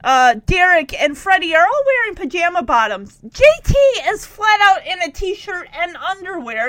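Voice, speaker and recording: A woman's voice: very high voice, sing-song, moderate pace, hardly any pauses, fairly bright tone, no room sound. A woman chatting through a recap of a TV episode, laughing often and making teasing asides. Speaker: show recap host. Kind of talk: casual recap commentary.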